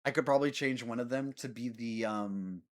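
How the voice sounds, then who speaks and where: A man streaming a game, chatting casually with his viewers in a giggly, animated way. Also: mid-range voice, brisk. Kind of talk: casual gaming stream chat.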